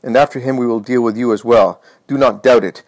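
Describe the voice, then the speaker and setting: A man voicing a threatening, arrogant male high priest in a dramatized religious reading. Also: brisk, a little mellow, no room sound, close to an everyday voice. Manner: harsh, threatening.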